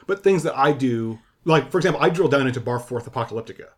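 A man's voice: medium pitch, animated, fast talker. Man thinking aloud on a design podcast. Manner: thinking aloud, frequent restarts and self-corrections. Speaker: podcast co-host, game designer. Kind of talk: casual design discussion.

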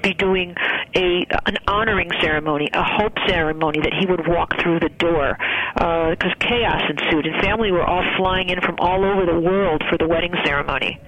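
A woman's voice: lowish voice, fairly quick, crowd noise, rough recording. Earnest woman guest, rambling storyteller. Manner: earnest, rambling, with many fillers and restarts. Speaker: guest, ceremony celebrant. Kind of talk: conversational interview storytelling.

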